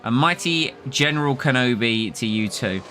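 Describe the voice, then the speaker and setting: A man's voice: mid-range voice, animated, moderate pace, sharp tone, a little hiss or hum. A man streaming a racing management game, chatting casually and reacting aloud to the game and his chat. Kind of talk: casual live-stream commentary.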